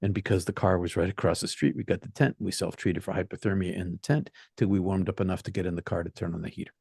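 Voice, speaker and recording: Low-voiced man telling a personal story. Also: steady tone, gravelly, a little mellow, slightly rough, no room sound, studio quality. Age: young adult telling of age 20, now older. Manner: earnest, halting, repeats phrases. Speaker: guest telling a near-death experience.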